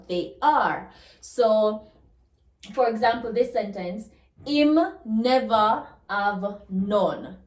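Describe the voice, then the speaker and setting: A woman with a Jamaican accent teaching a language lesson, slowly repeating example words. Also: medium pitch, darkish tone. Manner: slow and deliberate, repeats example words, laughs now and then. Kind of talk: lesson explaining pronunciation rules. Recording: echoey room.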